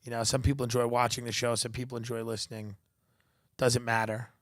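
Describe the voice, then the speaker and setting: A man's voice: mid-range voice, flat delivery, a little fast, dry recording, clean studio sound. A man hosting a comedy podcast, riffing in a profane, sarcastic, rambling monologue.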